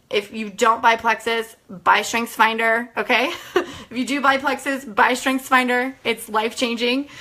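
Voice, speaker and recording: Teary mom in her 30s doing a chatty testimony vlog, bright voice, kinda high. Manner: chatty, earnest, emotional and laughing. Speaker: mom sharing a health testimony.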